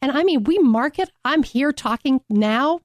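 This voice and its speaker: With a high, animated voice at a measured pace, a woman guest from a domestic violence agency gives an earnest radio interview. The studio sound is clean with no echo, and she emphatically repeats her main points.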